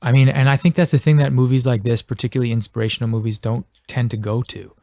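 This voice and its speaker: A man's voice: medium pitch, little pitch movement, fast, darkish tone, dry recording. Male actor, interview chat; earnest, rambling delivery, mid-range voice, dry. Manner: earnest, rambling, heavy on "like" and "you know". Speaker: actor promoting a film.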